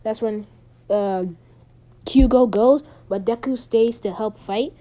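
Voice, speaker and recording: A woman casually retelling a fan-made story, rambling and halting with many ums and restarts. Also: on the high side, dark tone.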